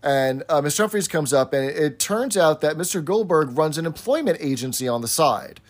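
A man with a slightly high voice co-hosts a casual podcast. He recaps a sitcom episode and talks it over in a relaxed, chatty way. He keeps adding asides and tag questions. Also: brisk. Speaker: podcast co-host.

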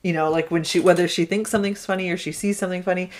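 Lower-voiced woman in relaxed chat. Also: very fast. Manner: relaxed, supportive, many affirming backchannels. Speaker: podcast co-host. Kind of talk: casual chat.

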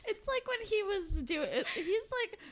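A woman co-hosting a casual podcast, gushing about the episode's characters. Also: measured pace. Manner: gushing, expressive, swings up and down in pitch. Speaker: podcast co-host. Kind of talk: casual chat recapping a TV episode.

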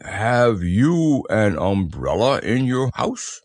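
A man voicing a gentle, slow-witted male teddy bear in a storybook, with a slow, ponderous, musing delivery. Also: lowish voice, sing-song, dry recording, clean studio sound, exaggerated voice. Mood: anxious. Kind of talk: storybook character voice.

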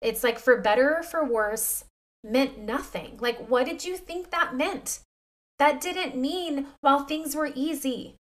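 A woman in her thirties hosts a heartfelt faith-based podcast and speaks openly to her listeners. Her voice sits a little high. She is confiding and chatty, and often close to tears. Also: measured pace, a bit bright. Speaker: podcast host.

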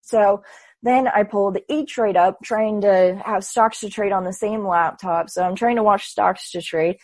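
A woman in her twenties, a guest telling her story in a casual, animated way and acting out her own past thoughts. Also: medium pitch, a little slow, dry recording. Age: 20s. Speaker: interview guest.

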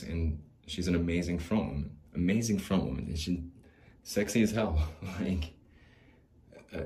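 A man with a very low voice talks alone on his podcast in a loose, rambling monologue. He restarts sentences, leans on filler words and swears casually. He laughs between thoughts as he drifts from one point to the next. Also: darkish tone. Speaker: podcast host.

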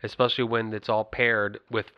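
A man, co-hosting a podcast in casual chat and telling stories in long, drawn-out phrases. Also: lowish voice, little pitch movement, smooth, no echo. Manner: chatty, storytelling, drawn-out phrases. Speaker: podcast co-host. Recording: dull, muffled sound.

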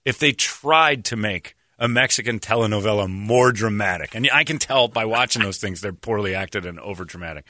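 This man talks at normal speed with hardly any pauses, in a dry, clean studio recording. Hosting a radio show, he chats and jokes animatedly, laughing and slipping into mocking high-pitched voices to quote others.

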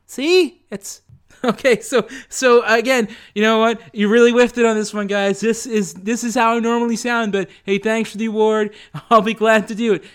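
Man doing a smug young British actor, put-on British accent, flustered, high-ish voice. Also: steady tone, moderate pace, clean tone, close to an everyday voice. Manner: giggly, flustered.

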